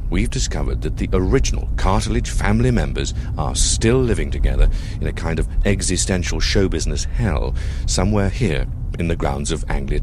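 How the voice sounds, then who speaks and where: A dry, deep-voiced TV reporter. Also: male voice, noisy background. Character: dry, smug male investigative TV reporter. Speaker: spoof TV reporter. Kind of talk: deadpan comic reporting to camera. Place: outdoors by a studio building.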